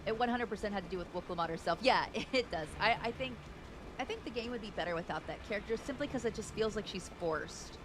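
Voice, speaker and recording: A woman's voice: medium pitch, expressive, fast, noisy background. A woman chatting casually with her livestream viewers while she plays, greeting them by name. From United States. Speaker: streamer. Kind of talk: casual gaming livestream chat.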